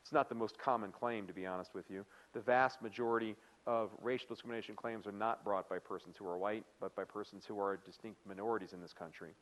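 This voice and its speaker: A man's voice: lowish voice, fairly even intonation, quick pace, few pauses, a bit bright, rough recording. Man lecturing a training class. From United States. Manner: conversational, quizzes the audience with questions; playful, acts out quoted remarks. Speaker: workplace harassment trainer.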